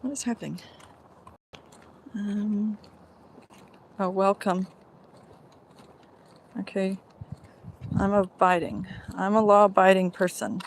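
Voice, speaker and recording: Strolling outdoors, a woman goes live on her phone and talks in a meandering, casual way, occasionally sighing as her thoughts wander. Her mid-range voice is steady, slow, and full of pauses, with a little hiss or hum audible.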